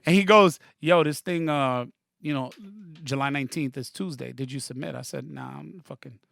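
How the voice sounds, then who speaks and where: A comedian appears as a podcast guest, his mid-range voice carrying some vocal fry at a moderate pace in a dry recording. He tells stories with excitement and plenty of swearing, acting out the quotes as he goes.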